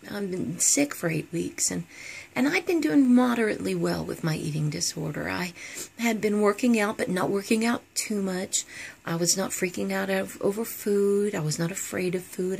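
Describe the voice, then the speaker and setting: A middle-aged woman talking candidly and earnestly to her viewers, sometimes dropping into a soft whisper. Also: medium pitch, gravelly, husky. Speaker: Christian counseling vlogger. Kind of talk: candid personal talk to viewers.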